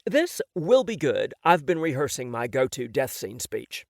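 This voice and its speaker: A man's voice: mid-range voice, big pitch swings, unhurried, creaky, no room sound. A man narrating a novel in the first person, wry and self-mocking, on a close studio mic. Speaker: audiobook narrator.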